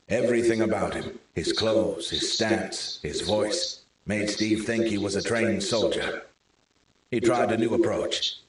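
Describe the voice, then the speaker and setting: A man narrating a thriller audiobook in a steady, measured reading. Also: fairly low pitch, recorded from a distance. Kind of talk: scripted narration. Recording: very echoey room.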